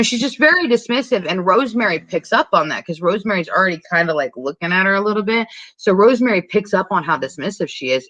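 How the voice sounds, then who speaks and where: A woman's voice: on the low side, a bit bright, dry recording, rough recording. A woman co-hosting a podcast, retelling a movie in a rambling, profane, casual way with frequent laughs. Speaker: podcast co-host. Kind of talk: casual movie recap chat.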